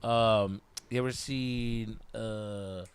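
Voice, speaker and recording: This podcast host speaks very slowly in a low-leaning, clear, resonant voice. Telling a story in easygoing chat, he's animated and profane, cursing freely and slipping into Spanish slang.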